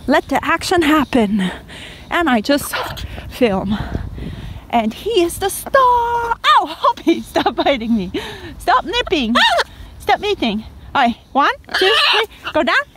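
A woman's voice: high voice, big pitch swings, slow, a bit bright, a little hiss or hum. A woman vlogger talking to her pet bird in playful baby talk and to her viewers in a casual way.

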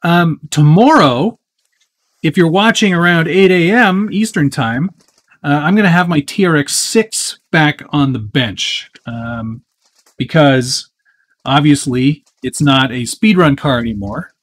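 A man's voice: a little high, unhurried. A man hosting a live stream, casually chatting and answering viewer questions while working on a model truck with his hands. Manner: chatty and easygoing, with frequent fillers and self-interrupting asides. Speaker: host of a live build stream.

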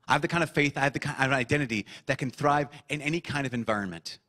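Priest guy preaching hard, mid-pitched voice, keeps repeating lines to drive them home. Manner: impassioned, repeats phrases for emphasis; soft, slow prayer voice. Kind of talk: sermon to a young audience.

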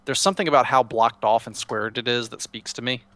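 A man gives a friend a loose, rambling tour of a block-building game world and keeps restarting his sentences. His voice sits at a middling pitch. The sound is dry and close, with no room echo. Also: fairly quick, fairly bright tone. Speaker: Minecraft server co-player. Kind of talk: casual gameplay chat.

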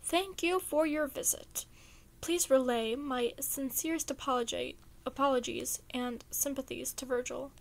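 A woman voicing a calm, stiff and weary logical man in a fan fiction reading, speaking in a clipped, formal, flat way. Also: high-pitched, unhurried, gravelly. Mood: tired, resigned.

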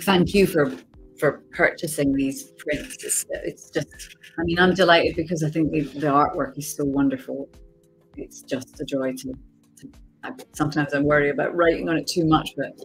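A woman's voice: low-pitched, creaky, slightly rough. A woman, an actress, chatting casually with fans on a signing livestream from home, laughing often as she reads the chat aloud.

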